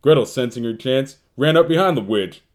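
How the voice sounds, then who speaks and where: A man tells a classic fairy tale as a comedy, keeping a storybook cadence while dropping in street slang. His voice sits at an ordinary middle pitch. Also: lively intonation, a little fast, slight background noise. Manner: mock-storybook narration peppered with street slang. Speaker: narrator.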